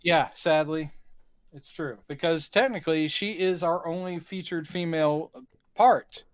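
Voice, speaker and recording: A man's voice: on the high side, fairly even intonation, unhurried, clean tone, dry recording, clean studio sound. A man co-hosting a comedy podcast, wry and amused as he talks through an old film. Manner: wry, amused, laughs easily. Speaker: podcast co-host. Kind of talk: casual comedic movie chat.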